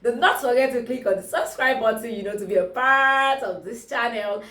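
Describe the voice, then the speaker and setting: A woman with a Nigerian accent reviewing a movie in a casual vlog, talking in an exclamatory, animated way. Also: a little high, normal speed. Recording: roomy, distant mic.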